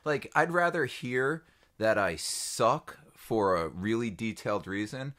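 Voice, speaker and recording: A man hosting a casual podcast conversation, blunt and animated, who swears freely and acts out quotes. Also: on the low side, unhurried. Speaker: podcast host.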